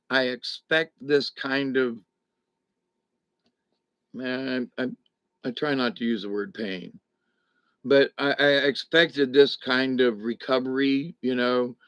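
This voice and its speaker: Stuck at home after back surgery, a middle-aged vlogger rambles through a casual live chat with his viewers. He's folksy, chuckling between thoughts, and speaks at a medium pitch with a fairly bright tone. The recording is dry.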